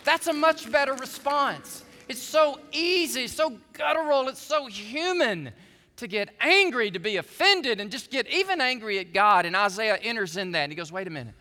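Impassioned preacher man, high bright voice. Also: normal speed, in a large hall. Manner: swings from calm reading to impassioned shouting, briefly singing. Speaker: pastor. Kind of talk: sermon. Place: church sanctuary.

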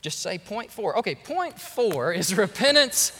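A man preaching a sermon as pastor, animated and joking, speaking straight to his congregation. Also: sits high, unhurried. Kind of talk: lively sermon. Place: large church sanctuary. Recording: long church hall reverb.

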